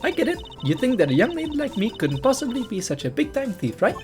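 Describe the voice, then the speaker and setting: A man voicing a cheeky, boastful young woman thief, high and teasing with a put-on country bumpkin accent, as he reads a game aloud. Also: wildly swooping pitch, fast, full character voice. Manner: teasing, giggly, high and sing-song. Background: game music.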